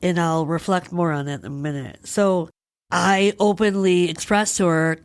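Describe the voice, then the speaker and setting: A woman hosting a podcast delivers a personal, reflective monologue in a fairly low voice at a slightly fast pace. She talks through an experience of her own candidly and emotionally, searching for meaning as she goes.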